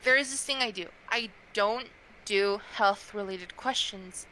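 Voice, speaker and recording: A woman's voice: mid-range voice, unhurried, a little hiss or hum, low-quality recording. A young woman being interviewed as a tarot reader, talking casually with lots of fillers. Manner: chatty, frequent fillers, animated quoting.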